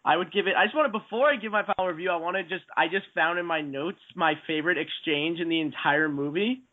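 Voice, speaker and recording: Man, podcast panelist, high voice, wandering analytical takes, tinny line. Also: fast. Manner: rambling, analytical, hesitant fillers. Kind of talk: casual podcast chat. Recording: tinny phone-like audio.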